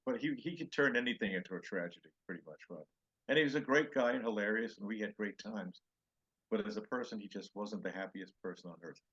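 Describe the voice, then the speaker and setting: A man's voice: fairly low pitch, quick pace, a bit bright, slightly rough, lo-fi sound. An older male comedian telling road stories in a podcast interview, acting out other people's lines in raised voices. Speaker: comedian guest.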